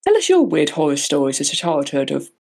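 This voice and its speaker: A woman co-hosting a casual podcast, joking bluntly and swearing freely. Her voice is gravelly and husky, set low for a woman, with lively swings in pitch. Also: fast talker. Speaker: podcast co-host. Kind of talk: casual chat.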